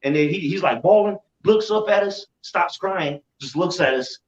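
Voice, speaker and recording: A man recounts events in animated, casual chat, stumbling over repeated words and cursing as he goes. His voice sits a little high and comes from away from the mic. The sound is roomy and dull. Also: moderate pace, recorded from a distance. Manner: animated, repeats himself, swears. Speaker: religious group member. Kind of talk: casual storytelling.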